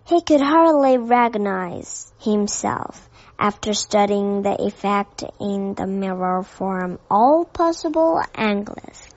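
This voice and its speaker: A woman narrating a children's story with a gentle, careful reading. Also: on the high side, gravelly, no echo. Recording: dull dry lo-fi recording.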